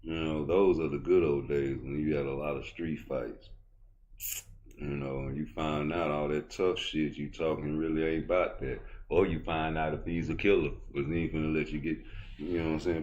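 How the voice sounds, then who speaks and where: A middle-aged man with a Baltimore accent and a very low voice holds forth on boxing in blunt, profane street talk. He swaggers through his opinions and gets louder when he is heated. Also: lo-fi sound, slight background noise. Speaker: boxing commentator on YouTube. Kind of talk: casual opinion rant.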